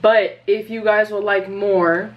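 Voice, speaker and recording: A woman's voice: medium pitch, fairly even intonation, slow pace, highs cut off. A woman in her twenties hosting a reaction vlog, chatting casually and playfully to her viewers with plenty of informal slang. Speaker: YouTube reaction host. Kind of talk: casual outro chat to viewers. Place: indoors at home, sunlit room.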